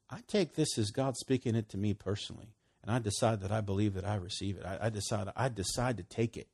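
A man preaching a conversational sermon, swinging between loud emphasis and hushed, quiet lines, with frequent laughs. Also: medium pitch.

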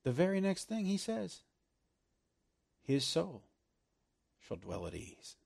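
A man preaching a sermon, animated and laughing often, slowing right down to stress scripture. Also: sits high, creaky.

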